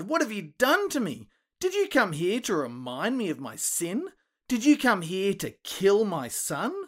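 A man retells a Bible story for children in a lively, expressive way. He acts out the quoted lines with animated voices and big jumps in pitch.

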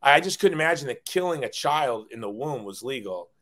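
A man's voice: mid-range voice, animated, a little fast, a bit bright. A middle-aged man, a guest on an interview show, telling a personal story in an earnest, rambling way, often repeating words when moved.

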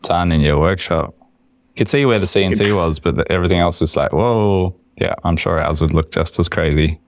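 A man co-hosting a podcast in casual chat, playful, with quick reactions. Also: sits low, no echo. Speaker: podcast co-host.

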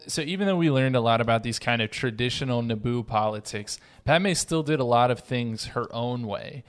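A young man hosting a podcast, steering the discussion in a relaxed, casual way. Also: medium pitch. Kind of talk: casual chat.

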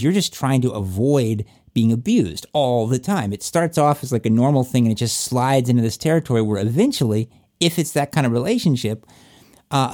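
Man, casual opinionated chat, emphatic, swears a lot, mellow, mid pitch. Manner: emphatic, swears often, acts out quoted voices.

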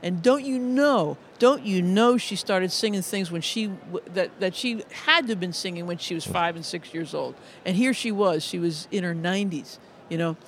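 A man's voice: high-pitched, normal speed, hardly any pauses, fairly bright tone, slight background noise. A middle-aged man, a music educator, telling stories in an interview, earnest and full of restarts and repeated words. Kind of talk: conversational interview storytelling.

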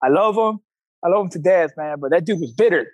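Male coach guest, high-pitched, blunt storyteller with slang, recorded dry and close. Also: expressive, fast talker, no room sound, poor audio. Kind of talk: casual interview talk.

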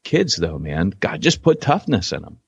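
A man's voice: deep voice, moderate pace, vocal fry, breathy edge, no echo, highs cut off. A middle-aged man co-hosting a podcast, chatting casually and teasing his partner with jokes. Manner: joking, teasing, lively storyteller. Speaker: podcast co-host. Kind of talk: casual chat.

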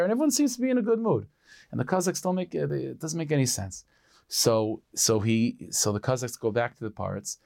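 A rabbi telling a traditional story in an animated way, sprinkling in Yiddish and Hebrew words. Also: male voice, medium pitch, dry recording, clean studio sound.

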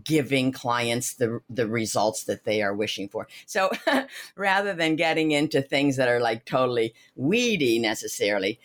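A woman's voice: very deep voice, lively intonation, moderate pace. A woman, a financial advisor being interviewed, explaining with energy and everyday analogies. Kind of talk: animated interview talk.

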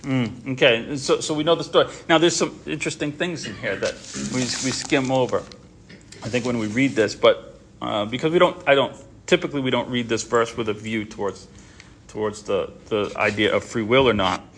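A man's voice: mid-range voice, normal speed, slight background noise. Rambling man leading a Bible study. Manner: rambling, animated, frequent restarts. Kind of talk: casual group Bible discussion.

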